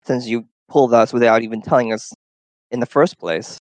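A man's voice: mid-range voice, fairly even intonation, fairly quick, darkish tone, no room sound, low-quality recording. A man playing a tabletop game who talks in a skeptical, casual way. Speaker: player.

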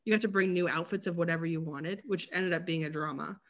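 A bright, crisp-sounding voice talks in a loose, casual chat. The speech is full of fillers and offhand swearing, in the tone of an easygoing co-host. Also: mid-range voice, steady tone, fast. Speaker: podcast co-host.

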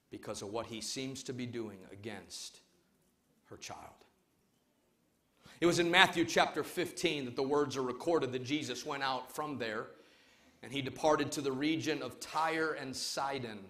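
A male pastor preaching a sermon to his congregation, emphatic, swinging between loud calls and quiet urging. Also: mid-range voice. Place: church service before a congregation.

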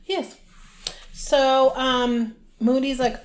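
A woman co-hosting a podcast, retelling a book chapter in casual chat and acting out the characters' lines in quick put-on voices. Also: mid-range voice. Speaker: podcast co-host.

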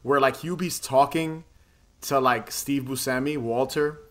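A man's voice: mid-range voice, steady tone, unhurried. A young man co-hosting a casual movie-review chat, rambling and laughing often, with a lot of filler words. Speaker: podcast co-host reviewing a movie.

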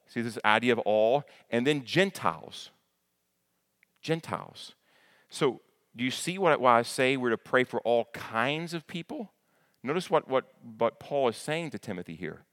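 A man's voice: mid-range voice, expressive, unhurried, a bit bright. A man preaching a sermon to his congregation, emphatic, repeating key words and asking them questions, often stumbling and restarting. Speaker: pastor.

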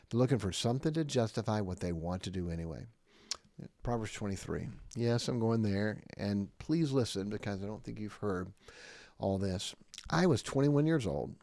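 A man's voice: on the low side, creaky, warm tone, no echo. A man giving a Bible lesson in a sermon-like way. He is emphatic and drives his points home with rhetorical questions and repetition. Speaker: podcast preacher and jail Bible teacher.

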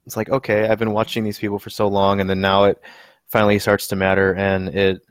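A man's voice: lowish voice, monotone, fairly quick, clean tone, dry recording, studio quality. A man in a casual chat, speaking hesitantly and trailing off.

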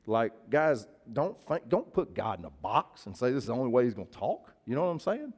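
A man's voice: mid-range voice, big pitch swings, a little fast, darkish tone, slightly rough. A male preacher, giving a sermon in a casual, folksy way and often asking his listeners to agree. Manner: conversational, folksy, asks the crowd to agree.

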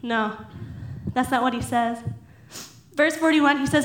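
High-voiced young woman preaching, chatty and laughing, echoey room. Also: unhurried, long pauses. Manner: chatty, laughing, acts out Bible figures in animated voices. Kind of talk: casual sermon.

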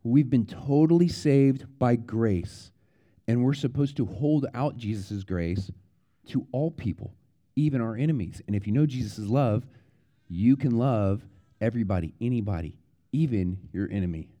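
Male pastor, children's sermon, animated storyteller, very mellow dark tone. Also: mid-range voice, normal speed. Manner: animated storyteller, repeats words, yells out quoted warnings.

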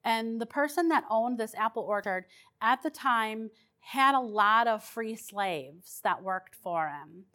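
A woman with a somewhat high voice tells her stories as a paranormal investigator. She talks in a casual, rambling way, full of restarts and small fillers. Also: expressive, takes it slowly, pushed and bright. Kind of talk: casual storytelling.

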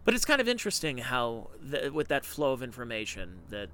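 A man's voice: medium pitch, wildly swooping pitch, a little fast, pushed and bright, clear, resonant tone. A man giving sarcastic, ranting opinion commentary.

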